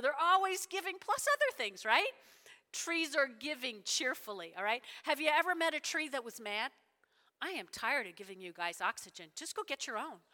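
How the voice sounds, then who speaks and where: Animated woman preaching in an echoing hall. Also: sits high. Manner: animated, keeps asking "all right?" and "right?". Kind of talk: sermon. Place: church sanctuary. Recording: long hall reverb.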